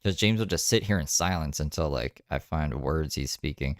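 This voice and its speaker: A man's voice: very deep voice, moderate pace, few pauses, no room sound, studio quality. A man hosting a stream, making wry, rambling comments about a clip he plays. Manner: wry, mocking, rambling asides. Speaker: stream host reacting to a clip. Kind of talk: casual commentary on a played stream.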